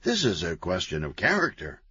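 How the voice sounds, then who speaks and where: A man's voice: low-pitched, huge pitch swings, bright, forceful tone, breathy edge, no room sound, full character voice. A man voicing a manic, chatty, cheerful antihero man who talks gleefully and wheedles. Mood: persuasive. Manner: gleeful, fast-talking, wheedling. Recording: dull, lo-fi, dry.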